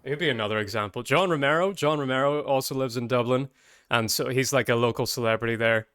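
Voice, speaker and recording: Male podcast host, chatty and rambling, bright voice, dry close sound. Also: medium pitch, clean tone, no echo. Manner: rambling, chatty, quick tangents. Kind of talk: casual podcast chat.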